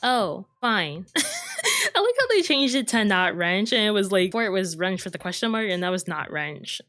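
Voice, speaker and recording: A woman's voice: mid-range voice, big pitch swings, moderate pace, a bit bright. A woman gaming creator reacting to a horror game with giggly, amused asides. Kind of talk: reacting while reading a game aloud.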